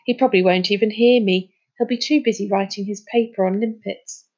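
A woman reading a storybook, voicing a brisk, bossy young girl who speaks crisply. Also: medium pitch, steady tone, darkish tone, muffled recording, natural voice. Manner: crisp, organizing.

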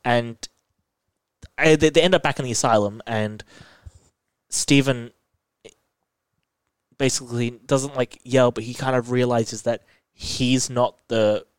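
A man in casual conversation, retelling a TV episode in lively detail. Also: mid-range voice, a little slow, long pauses, smooth, dry recording. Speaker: podcast co-host. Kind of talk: casual chat recapping a TV episode.

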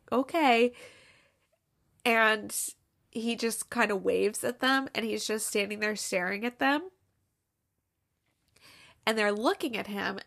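With a creaky, fairly bright, mid-range voice, this movie-review podcast host walks through a holiday film's plot. She's nearly crying as she chats, acting out quoted lines and dropping fillers like "like."

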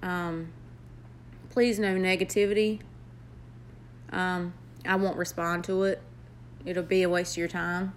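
Southern woman, young, earnest heartfelt vlog talk, slow and deliberate delivery. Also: on the low side, level tone, slight background noise. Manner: earnest, heartfelt, with pauses and fillers. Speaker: nurse vlogger. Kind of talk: motivational vlog.

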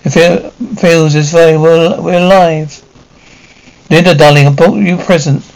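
A hapless henpecked husband, nervous and stammering, read by a man. The voice is gravelly and pitched a bit high. It sounds like an amateur storybook reading. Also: fairly even intonation, unhurried, poor audio. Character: hapless henpecked husband who keeps losing jobs.

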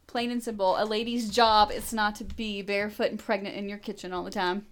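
A woman's voice: medium pitch, level tone, brisk, slight background noise. Blunt, frank woman guest. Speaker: podcast guest. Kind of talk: casual podcast chat.

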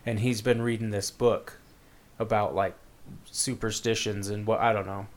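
In a relaxed, meandering retelling of a book's story, a man speaks at a moderate pace with a lowish, flat delivery. Fillers and quoted dialogue pepper his casual chat.

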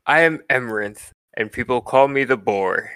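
A man's voice: medium pitch, measured pace, a bit bright, clear, resonant tone. Emrinth, a man voicing a proud bird-man ranger.

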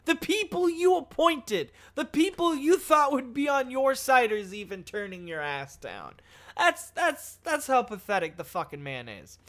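Profane, mocking man with a high voice. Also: big pitch swings, a little slow, a bit bright. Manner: blunt, mocking, swears often. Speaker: political commentary host. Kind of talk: casual profane political commentary, reading news aloud.

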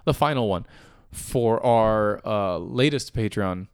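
A man's voice: on the low side, takes it slowly, clear, resonant tone, no echo, clean studio sound. A man co-hosting a podcast in casual chat, rambling loosely and swearing now and then, tired after a long day. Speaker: podcast co-host.

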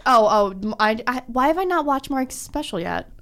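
A woman's voice: a little high, moderate pace. A woman co-hosting a podcast, chatting casually and telling stories animatedly. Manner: chatty, animated storytelling with quoted voices. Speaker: podcast co-host. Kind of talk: casual chat.

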